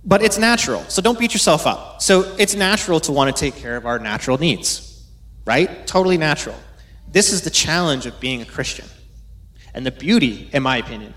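A man's voice: mid-range voice, expressive, fairly quick, fairly bright tone. A man preaching a casual, conversational sermon, teaching from the Bible and acting out quoted voices now and then.

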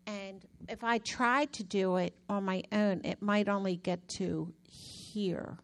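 A woman minister talking casually about recovering from a hand injury, telling the story in a chatty, animated way with many restarts. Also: mid-range voice, slow pace. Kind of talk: casual testimony.

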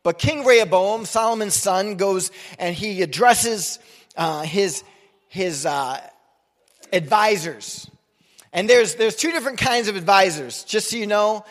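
A man's voice: high-pitched, measured pace, fairly bright tone, big-room sound. A man in his forties preaching a sermon in a casual, joking, conversational way. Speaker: pastor.

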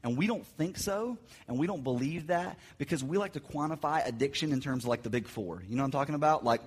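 A young man preaching a sermon, telling a comic story with animated swings from loud outbursts to low asides. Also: fast, husky. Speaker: pastor. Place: church sanctuary.

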